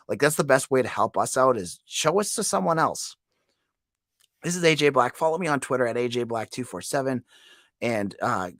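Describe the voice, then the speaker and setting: Man with a head cold, lively voice. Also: mid-range voice, no room sound, clean studio sound. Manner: chatty, repeats words, asks "right?". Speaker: podcast host. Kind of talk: casual sports podcast monologue.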